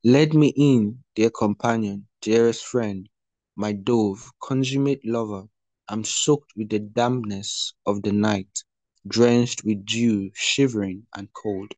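A man reading as a tender male lover, slow and low. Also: darkish tone, no echo. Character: adoring young male lover.

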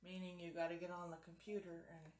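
A woman's voice: on the low side, level tone, quick pace, a little mellow. A woman in her thirties co-hosting a podcast in casual chat, blunt and insistent, teasing her co-host. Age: 30s.

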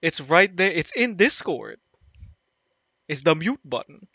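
A man hosts a relaxed podcast chat over a voice call, his voice bright and pitched a touch high. He swings up and down a lot as he jokes and laughs, and the sound is close and dry. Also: measured pace, gravelly, husky, dry recording. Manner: laughing, joking banter. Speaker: podcast host. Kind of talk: casual chat.

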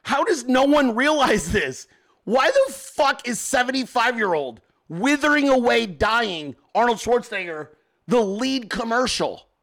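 A man with a fairly high speaking voice delivers a profane, comedic rant as a podcast host. His tone is crude, mocking and exasperated, and he keeps breaking into sneering impressions of the people he is complaining about. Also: sing-song, unhurried, fairly bright tone. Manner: acts out mocking voices of others.

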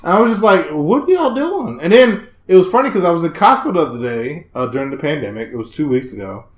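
A man's voice: fairly high pitch, quick pace, roomy sound. A man co-hosting a casual chat, telling stories animatedly, swearing and acting out other people's lines. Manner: animated storyteller, swears, acts out voices. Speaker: podcast co-host.

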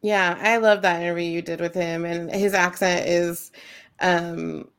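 Low, gravelly woman co-hosting. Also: level tone, measured pace. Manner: gushing, enthusiastic. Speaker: podcast co-host. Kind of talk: casual chat.

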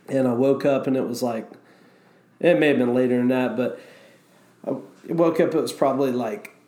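A man's voice: mid-range voice, moderate pace. A man casually telling a story about his river guiding days, swearing freely and acting out the quotes. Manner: animated, swears, acts out quotes.

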